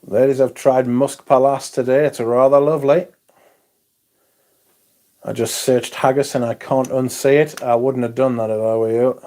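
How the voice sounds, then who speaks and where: A man's voice: mid-range voice, fairly even intonation, moderate pace, dark tone. A man hosting a livestream, chatting casually, swearing now and then, and reading out viewer comments. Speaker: livestream host.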